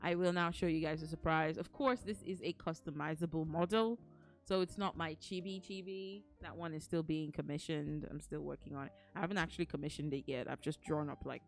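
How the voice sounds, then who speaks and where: A woman streamer chatting casually with her viewers, playful and teasing, putting on mock anger and laughing often. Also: sits low. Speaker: streamer reading to chat.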